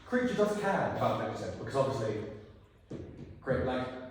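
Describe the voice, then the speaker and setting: A man directing a theatre rehearsal, talking actors through scenes in an animated way and slipping into silly voices. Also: on the low side, normal speed, slight background noise. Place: rehearsal hall. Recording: echoey hall, far from the mic.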